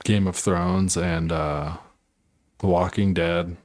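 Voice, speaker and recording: A man's voice: low voice, steady tone, takes it slowly, darkish tone. A man hosting a podcast, chatting casually in a laid-back, slangy way. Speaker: podcast host.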